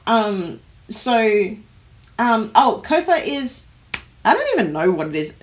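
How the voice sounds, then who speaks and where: Woman, Australian accent, casual livestream chat, animated, laughs a lot, home office. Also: fairly high pitch, slow, a little hiss or hum. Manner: chatty, animated, laughs often, many fillers. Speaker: host of a planner livestream.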